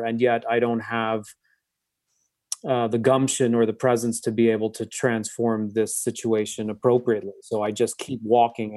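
A man, a book's author, recounting a personal story in a reflective, halting way with frequent restarts. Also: medium pitch, darkish tone, no room sound, studio quality. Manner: thoughtful, halting, many restarts. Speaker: author and guest.

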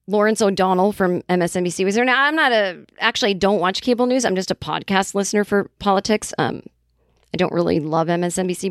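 A woman's voice: mid-range voice, no echo, clean studio sound. A middle-aged woman from the Boston area, hosting a podcast and telling a rambling, casual story, swearing freely. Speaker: podcast host.

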